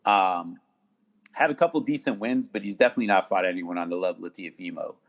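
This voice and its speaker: A man talking casually as a podcast guest, halting with many restarts and fillers. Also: sits low. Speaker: guest attorney.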